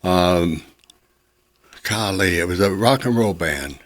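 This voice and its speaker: An older man hosting a chatty interview, reminiscing and quick to agree. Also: deep voice, expressive, no echo. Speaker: podcast host, interviewer. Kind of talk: casual interview conversation.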